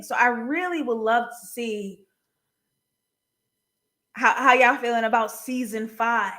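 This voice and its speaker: Young woman live-stream host, casual and animated, quick laughs, slightly high voice. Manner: chatty and animated, laughs often. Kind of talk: casual live-stream chat, reading viewer comments.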